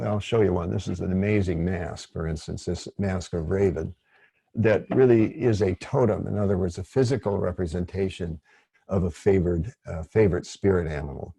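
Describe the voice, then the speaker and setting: A man leading an online workshop, speaking in a gentle, rambling, digressive way. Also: low-pitched, vocal fry, husky, dry recording. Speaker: workshop facilitator.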